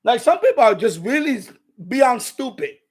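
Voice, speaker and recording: High-voiced blunt man telling a story. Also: moderate pace, breathy edge. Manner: blunt, profane, animated retelling of confrontations. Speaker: radio hobby livestream host. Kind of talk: casual livestream storytelling.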